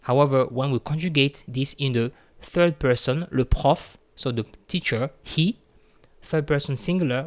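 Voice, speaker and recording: A man teaching a grammar lesson in a patient, step-by-step way, pausing on fillers and repeating points. His voice sits at a middling pitch and is recorded close to the mic. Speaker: French teacher.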